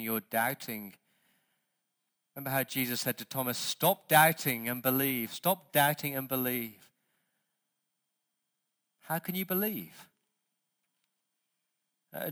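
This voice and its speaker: A man pastor preaching a sermon, stressing words loudly and then dropping to quiet asides. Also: fairly high pitch. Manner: emphatic preaching, swings between loud stresses and quiet asides.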